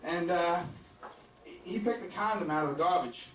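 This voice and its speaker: A man's voice: high voice, normal speed. A male stand-up comedian rambling through a crude, self-deprecating set with lots of fillers. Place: comedy club stage with a laughing crowd. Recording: echoey club, distant mic, loud crowd laughter.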